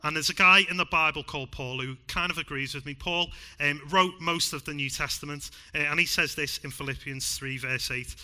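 Bright-voiced Scouse preacher. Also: male voice, fairly high pitch, brisk, few pauses, clean tone. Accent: Liverpool (Scouse). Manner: emphatic, swings from loud to hushed. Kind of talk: sermon. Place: church.

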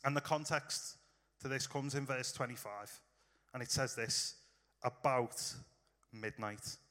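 A man's voice: mid-range voice, moderate pace, sharp tone, in a large hall. A man preaching in a casual, storytelling way, talking straight to his listeners. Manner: informal, storytelling, direct address to listeners. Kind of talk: conversational sermon.

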